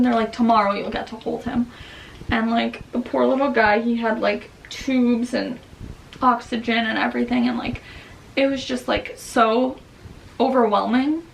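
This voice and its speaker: Young woman, Long Island accent, casual vlog storyteller, gravelly fry, mic a bit distant. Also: on the high side, fairly bright tone, slight background noise. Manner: chatty, many "like"s, quotes others in quick bursts. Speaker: vlogger.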